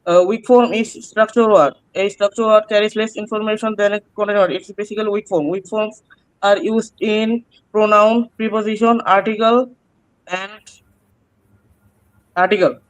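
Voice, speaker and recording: High, smooth-voiced hesitant young man. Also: steady tone, no echo, low-quality recording. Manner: hesitant, halting with many fillers and restarts. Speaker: student taking an oral exam. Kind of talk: oral exam answers.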